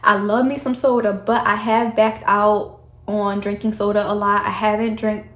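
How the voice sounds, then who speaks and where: A woman's voice: mid-range voice, level tone, moderate pace. A young woman, talking candidly to camera in a casual vlog, her voice a little shaky from the cold. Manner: chatty, candid, addresses viewers as y'all. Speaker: vlogger. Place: chilly room at home. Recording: echoey room.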